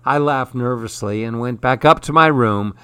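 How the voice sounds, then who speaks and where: Storybook narrator, man, steady reading, mid pitch, dry close sound. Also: normal speed, clear, resonant tone, no room sound.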